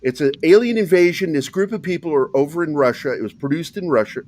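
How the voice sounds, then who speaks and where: A man's voice: fairly high pitch, lively intonation, fast, a little mellow. A man from a small Virginia town with a neutral American accent, chatting casually as a podcast co-host, rambling with lots of fillers and swearing. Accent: neutral American, Southern slips when tired. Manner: rambling, profane, many fillers. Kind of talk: casual chat.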